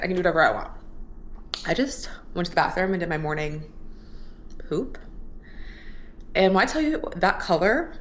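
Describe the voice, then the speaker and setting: This is a candid home diary vlog: a young woman with a lowish voice talks openly and loosely, filling gaps with plenty of fillers. The room echoes, the mic sits far away, and there's slight background noise.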